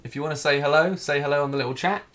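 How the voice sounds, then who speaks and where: In a rapid-fire, slightly high voice, a man teaches a live figure drawing class. He talks through each stroke as he draws, relaxed and thinking aloud.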